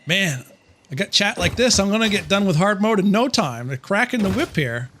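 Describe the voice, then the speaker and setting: A man's voice: sits high, expressive, moderate pace, a bit bright. Guy streaming a game live, kinda confused, talks to chat a lot, noisy background. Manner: chatty, easily confused, reacts to chat aloud. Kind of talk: casual live gameplay commentary.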